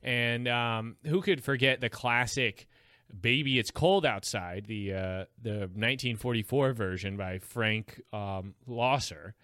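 A man's voice: medium pitch, unhurried, fairly bright tone, no echo, clean studio sound. A man in casual conversation as a podcast co-host, rambling and chatty, laughing often. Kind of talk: casual chat.

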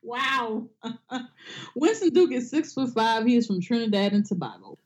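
A woman's voice: on the high side, a little slow. A woman co-hosting a casual comedic podcast, swearing freely and acting out quotes in exaggerated voices. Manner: animated, swearing, acts out quotes in big voices. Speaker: podcast co-host.

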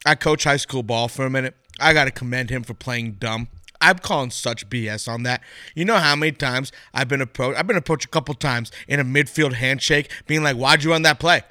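A man co-hosting a podcast in casual sports chat, animated and acting out what coaches say. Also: medium pitch, a little fast, no echo, clean studio sound. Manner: animated, acts out quoted coaches. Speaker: podcast co-host.

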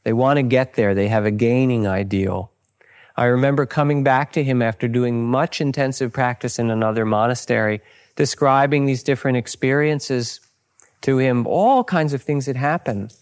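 A man giving a dharma talk as a meditation teacher, speaking in a calm, unhurried and gently instructive way with personal stories. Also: mid-range voice.

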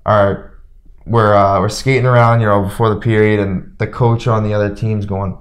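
A young man, a former hockey player, telling stories in a relaxed way as an interview guest and acting out what others said. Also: on the low side, normal speed. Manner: relaxed storyteller who acts out quotes. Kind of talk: casual storytelling interview.

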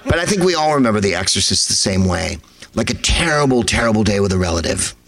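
A man telling rambling, wry stories to a live audience, slipping in quick impressions of people. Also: on the low side, sing-song, creaky, a bit bright, poor audio.

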